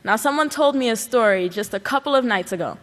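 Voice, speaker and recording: A woman's voice: fairly high pitch, expressive, fairly quick. A woman giving an earnest sermon at a religious service, pressing her points with rhetorical questions. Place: large worship hall. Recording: long hall reverb.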